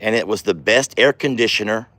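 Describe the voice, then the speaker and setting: A man's voice: fairly low pitch, fairly quick, sharp tone, no echo. A man hosting a casual farm vlog outdoors, chatty and folksy, talking affectionately to his animals. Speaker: ranch owner and vlogger.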